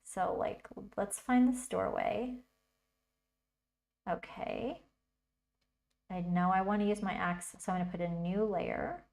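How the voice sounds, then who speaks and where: A woman's voice: medium pitch, steady tone, slow, creaky, pauses often, darkish tone. A woman hosting a casual livestream tutorial, chatting and thinking aloud as she works. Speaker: tutorial host.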